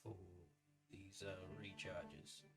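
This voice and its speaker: A man's voice: deep voice, little pitch movement, slow, over loud music. A man playing a tabletop game with friends, joking around and urging the group to get moving. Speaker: player. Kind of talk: casual tabletop game chat.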